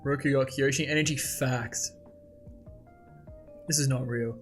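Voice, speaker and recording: A man hosting a casual comic read-along, reacting excitedly and thinking aloud as he goes. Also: mid-range voice, measured pace, faint music behind. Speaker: host.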